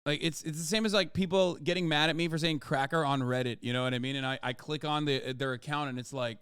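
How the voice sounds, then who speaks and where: A man's voice: a little high, brisk, clear, resonant tone, no echo, studio quality. A man livestreaming, ranting casually to his chat in a sarcastic, mocking, profane way, with emphatic asides. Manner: animated, with frequent restarts and emphatic asides.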